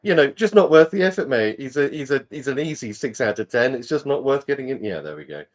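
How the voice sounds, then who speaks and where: British guy on a podcast, cheeky, swears a bit, middle pitch. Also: animated, fast talker. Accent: British English. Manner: jokey storyteller, swears casually. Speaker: podcast co-host. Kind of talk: casual chat.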